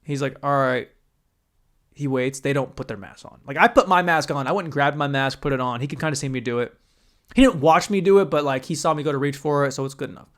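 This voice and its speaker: A young man hosting a podcast alone, delivering a profane, animated comedic rant and acting out other people's voices. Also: medium pitch, quick pace. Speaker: podcast host.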